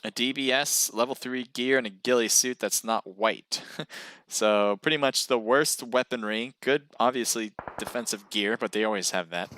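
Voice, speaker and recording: A man's voice: mid-range voice, normal speed, bright, forceful tone. A man casting a live mobile battle royale match, casual and chatty, laughing and getting worked up at close calls. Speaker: esports caster. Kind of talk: live game commentary.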